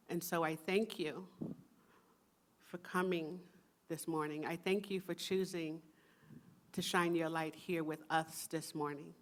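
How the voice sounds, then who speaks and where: A woman minister giving a sermon to a church congregation, soft and meditative, with playful asides. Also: sits low.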